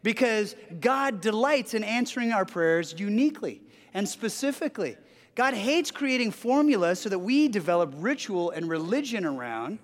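A man preaching a sermon as pastor, telling stories earnestly with frequent restarts. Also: sits high. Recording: long hall reverb.

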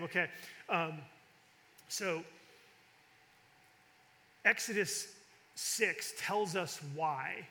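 A man's voice: sits high, sharp tone. A man teaching from the Bible in a conversational, emphatic way, often restarting sentences and using fillers. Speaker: preacher. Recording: long hall reverb.

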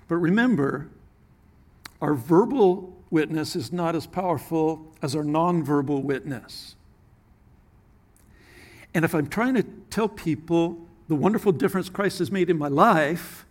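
A man preaching a sermon as pastor, earnest, with sudden drops into soft, hushed asides. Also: on the high side, measured pace.

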